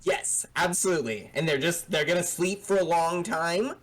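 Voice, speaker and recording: A man's voice: on the high side, normal speed, fairly bright tone. A man playing a tabletop game, making dry, wry remarks in casual talk. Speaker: player.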